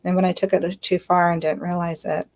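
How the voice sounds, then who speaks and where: A woman's voice: on the low side, flat delivery, a little fast, darkish tone. A woman giving an earnest, confiding self-help talk on a live stream, often checking in with "right?". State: close to tears at times. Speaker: inner healing coach.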